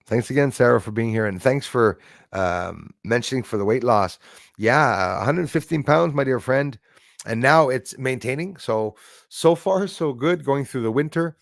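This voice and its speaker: A man's voice: mid-range voice, lively intonation, moderate pace, creaky, dry recording, studio quality. A Canadian man hosting a livestream, chatting casually and rambling with many fillers as he thanks viewers. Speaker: livestream host. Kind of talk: casual livestream chat reading comments.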